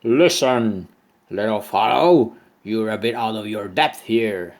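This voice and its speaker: A man voicing a big, boastful bully billy goat in a children's storybook reading, slow and menacing. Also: lowish voice. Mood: gloating.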